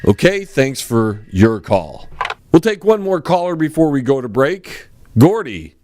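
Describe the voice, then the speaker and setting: Lively dry-humored male radio host. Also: mid-range voice, measured pace, no room sound. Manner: patient, dry straight man. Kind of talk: comedy call-in show hosting.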